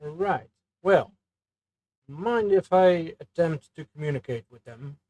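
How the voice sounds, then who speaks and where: Dude playing a tabletop game, slow talker, lots of ums. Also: male voice, fairly high pitch, expressive, mellow, no echo. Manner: hesitant, with many fillers. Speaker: player. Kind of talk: casual tabletop game chat.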